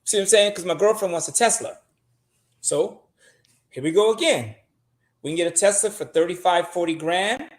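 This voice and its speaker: A man's voice: high voice, reverberant. A man giving casual credit advice as a guest, talking bluntly, emphatically and with plenty of cursing.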